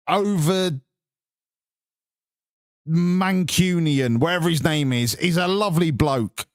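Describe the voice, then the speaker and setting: A man's voice: on the high side, smooth, no echo, studio quality. An English man hosting a stream, chatting in a sarcastic, sweary, ranting way. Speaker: stream host. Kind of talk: casual chat.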